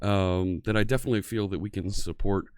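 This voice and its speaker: A man's voice: deep voice, fairly even intonation, brisk, darkish tone, clean tone, dry recording, studio quality. A man hosting a live coding stream in a casual, chatty way, greeting viewers one by one.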